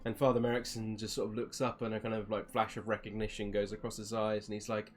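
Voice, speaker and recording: A man's voice: fairly low pitch, level tone, fast, hardly any pauses, soft background music. A man narrating a tabletop game as game master, hesitant and full of fillers.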